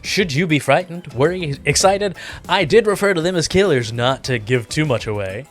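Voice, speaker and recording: A gaming creator reads a dating sim aloud and riffs on it in a playful, theatrical way. His voice is lively and animated, swooping through a wide range of pitch, with faint music in the background. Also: moderate pace. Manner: playful, theatrical, laughs often. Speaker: gaming YouTuber.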